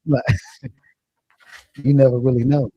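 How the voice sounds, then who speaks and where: A man's voice: medium pitch, level tone, measured pace, no echo, highs cut off. A man hosting a casual livestream, chatting loosely and profanely and laughing as he reads viewer comments. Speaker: livestream host. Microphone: phone or computer mic.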